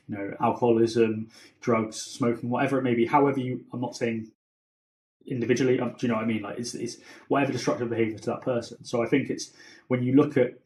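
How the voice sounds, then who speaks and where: A man's voice: mid-range voice, a little mellow. A man co-hosting a podcast, chatting casually and rambling through stories with many restarts. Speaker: podcast co-host. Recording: roomy echo.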